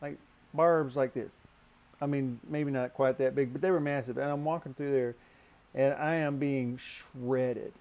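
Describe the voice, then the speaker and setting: A man telling a story casually and animatedly, swearing freely, his voice jumping up when he gets worked up. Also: unhurried. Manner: profane, animated, pitch jumps when excited. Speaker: storyteller recounting a canoe trip.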